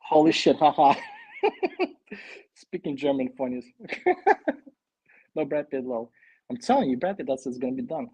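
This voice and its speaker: A man chats casually to his live-stream viewers while building, thinking aloud and getting excited as he goes. His voice is gravelly and a bit husky, at a middling pitch. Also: moderate pace, pauses often. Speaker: live-stream host building a toy kit.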